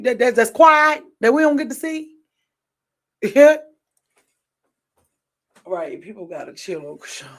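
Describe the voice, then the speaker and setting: A woman's voice: high voice, gravelly. Emphatic woman podcast host. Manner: emphatic, repeats phrases for stress; animated, swings loud and soft. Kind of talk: casual chat.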